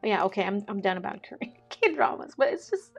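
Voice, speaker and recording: A woman's voice: medium pitch, fairly quick, vocal fry, husky, faint music behind. Chatty woman vlogger. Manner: chatty, laughs often, excitable. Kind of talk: casual chat.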